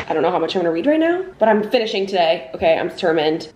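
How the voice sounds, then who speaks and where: A woman's voice: medium pitch, sing-song, quick pace, darkish tone, a little hiss or hum. A woman chatting casually in a reading vlog, emphatic and full of "like", with some swearing. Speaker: book vlogger.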